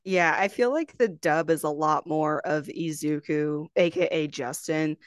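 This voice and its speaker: A woman's voice: low voice, measured pace, smooth, dry recording, studio quality. A woman co-hosting a podcast, chatting animatedly about an anime, swearing and laughing mid-sentence, with a sniffly nose. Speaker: podcast co-host. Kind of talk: casual chat about an anime.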